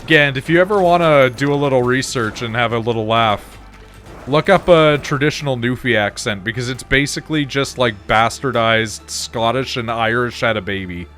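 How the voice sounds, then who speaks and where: A man talks through his game session in an easygoing, profane way, chatting with his viewers as he plays. His voice sits at a middling pitch. Soft music runs underneath. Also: moderate pace. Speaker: streamer. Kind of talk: casual gameplay commentary.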